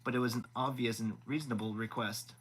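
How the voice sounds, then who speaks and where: A man's voice: mid-range voice, steady tone, a little fast, a bit bright, breathy edge, rough recording. A man reading a novel aloud live, often stumbling and rereading words. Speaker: audiobook reader.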